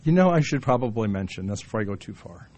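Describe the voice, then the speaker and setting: A man's voice: fairly low pitch, animated, fast, darkish tone. A middle-aged male pastor preaching a sermon in a church, telling humorous stories and jumping into the voices of the people in them. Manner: storytelling, acts out quoted voices.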